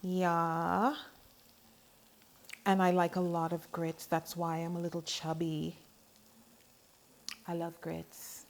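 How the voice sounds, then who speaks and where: A middle-aged woman giving a home cooking demonstration in her kitchen, chatty and relaxed, with homey asides. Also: lowish voice, slow pace, long pauses, a little hiss or hum. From Bahamas. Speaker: home cook and farmer.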